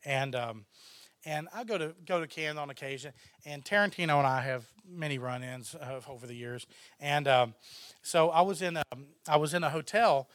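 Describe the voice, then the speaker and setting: A man's voice: a little high, moderate pace, no echo. A man, a filmmaker, telling a story in casual chat, quoting others with lots of "he goes" and "I was like.". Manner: animated, quotes others with "he goes". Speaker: guest filmmaker.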